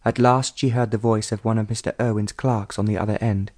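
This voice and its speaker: A man giving measured scripted audiobook narration. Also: on the low side, little pitch movement, a little mellow.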